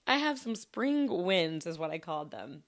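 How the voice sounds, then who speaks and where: A woman's voice: lowish voice, very animated, unhurried, a bit bright. A young woman hosting a solo podcast, chatting in a bubbly, upbeat way and laughing often. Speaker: podcast host. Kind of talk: casual solo podcast chat.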